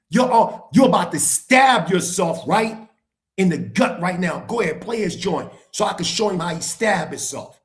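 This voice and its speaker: A middle-aged man holds forth in a heated live-stream debate, with a notably high voice for a man. He lectures forcefully and drives each point home by repeating it. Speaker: guest speaker on a live stream.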